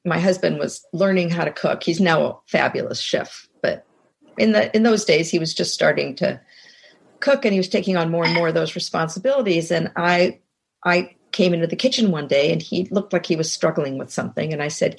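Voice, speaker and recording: A woman's voice: on the low side, normal speed, vocal fry, breathy edge. An older woman, a podcast guest, telling a personal story in a reflective way and acting out bits of dialogue. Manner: reflective, acts out quoted dialogue. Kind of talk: storytelling in casual chat.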